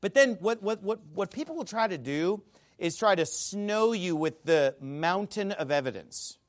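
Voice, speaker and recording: A man with a high voice that swoops all over as he talks. He gives an emphatic, scornful monologue, repeating words as he pushes ahead, and breaks into loud shouts. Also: animated, unhurried. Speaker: Bible commentator. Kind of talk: animated video monologue.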